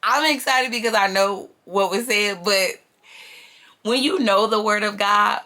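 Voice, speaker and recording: A woman's voice: mid-range voice, fairly even intonation, unhurried, sharp tone. A woman chatting casually to camera from a small bedroom in her mother's house, drifting from personal sidebars into preaching. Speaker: vlogger.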